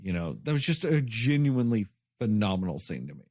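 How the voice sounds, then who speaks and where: A man co-hosting a film podcast, talking in an animated way with lots of fillers. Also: lowish voice, a little fast, no echo, clean studio sound. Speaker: podcast co-host. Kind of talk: casual film review chat.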